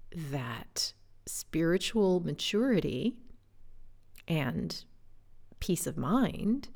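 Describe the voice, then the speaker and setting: A woman life coach shares a personal story in a reflective monologue. Her voice sits low and carries a gravelly fry. She talks gently and introspectively, dropping into soft whispers and quiet laughs. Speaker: life coach and podcast host.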